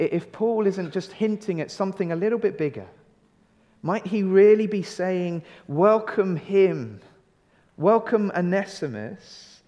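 A man's voice: a little high, a little mellow, big-room sound. A male pastor giving a sermon in an earnest, conversational way, stretching key phrases for emphasis and asking rhetorical questions.

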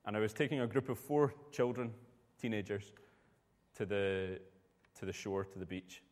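A man's voice: lowish voice, moderate pace, a little mellow, big-room sound. A man preaching a sermon, telling a personal story in a conversational way.

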